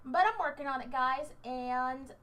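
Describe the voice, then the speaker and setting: A woman's voice: high voice, unhurried, fairly bright tone. A young woman in her twenties from the United States, a student vlogging in a casual, rambling way with lots of fillers and restarts, a bit fidgety. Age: 20s. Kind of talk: casual chat. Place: indoors under a hot light.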